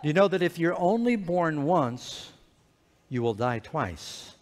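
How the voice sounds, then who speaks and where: A man telling an animated, playful story sermon to children in a large church hall. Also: a little high, measured pace. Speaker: preacher. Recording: reverberant hall.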